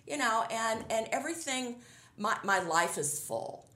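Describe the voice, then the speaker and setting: A woman's voice: a little high, lively intonation, measured pace, bright, forceful tone, echoey room. A middle-aged woman talking casually as an interview guest, upbeat and chatty, often laughing as she tells stories.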